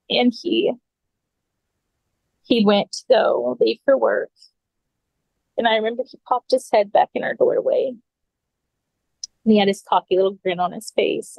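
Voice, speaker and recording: A woman guest on a podcast, earnestly recounting a personal story and often clearing her throat. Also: medium pitch, a little mellow, dry recording, poor audio.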